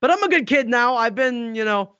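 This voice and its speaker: A man talking as a podcast guest in casual chat, halting with many restarts and casual swearing. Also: very high voice, expressive, fairly bright tone, no echo. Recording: dull lo-fi call audio.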